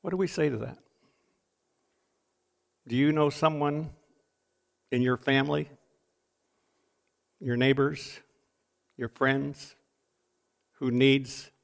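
A man's voice: medium pitch, steady tone, takes it slowly, gravelly, pauses often. An older man preaching a sermon, reading deathbed quotes with dramatic emphasis.

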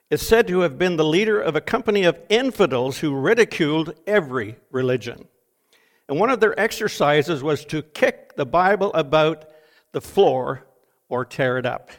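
An older man preaching a sermon, reading deathbed quotes with dramatic emphasis. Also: on the high side.

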